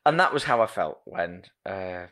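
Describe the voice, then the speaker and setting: A man adds wry, joking asides to the conversation. His pitch swoops up and down a lot as he speaks, which makes him sound animated. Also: moderate pace. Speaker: podcast co-host. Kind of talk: casual film discussion.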